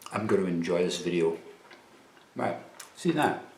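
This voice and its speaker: A man's voice: deep voice, expressive, normal speed, a little mellow, echoey room, a little hiss or hum. A Scottish man chatting casually on camera about snacks while tasting them, with a dry, chatty manner. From Scotland. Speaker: vlogger presenting snacks.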